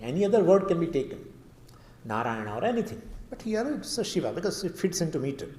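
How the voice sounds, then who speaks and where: A man teaching scripture and explaining it in an earnest, emphatic way, pausing on fillers. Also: a little high, big pitch swings, darkish tone, slight background noise. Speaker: Vedanta teacher. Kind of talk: scripture lecture. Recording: roomy hall reverb.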